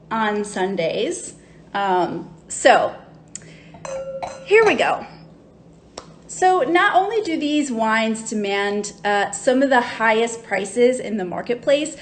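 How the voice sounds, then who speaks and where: A woman's voice: on the high side, slight background noise. Bubbly woman hosting a wine livestream. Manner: bubbly and chatty, greeting viewers as they join. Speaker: wine educator hosting a live tasting. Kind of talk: casual livestream chat. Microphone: phone livestream mic.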